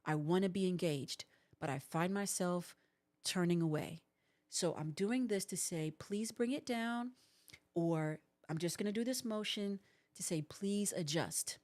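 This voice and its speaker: Her voice is lowish and mellow, moving at a normal pace. She's a host and counselor in her forties, coaching viewers on a livestream with sincere relationship advice and performing the lines couples say to each other.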